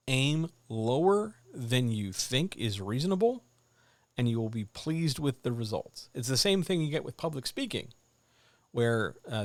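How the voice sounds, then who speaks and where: A man hosting a live writers' Q&A stream, giving blunt, animated advice in a casual, jokey way. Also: mid-range voice, no echo.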